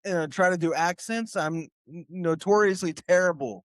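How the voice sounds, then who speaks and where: Southern guy on a podcast, high voice, laughs a lot, dry sound. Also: no echo. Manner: laughs often, reads headlines aloud haltingly. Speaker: podcast guest. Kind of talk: casual chat.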